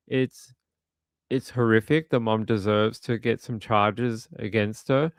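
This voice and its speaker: Gravelly man on a casual true crime stream. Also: lowish voice, fairly even intonation, measured pace, dry recording, clean studio sound. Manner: rambling and indignant, with frequent restarts. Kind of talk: casual commentary while watching videos.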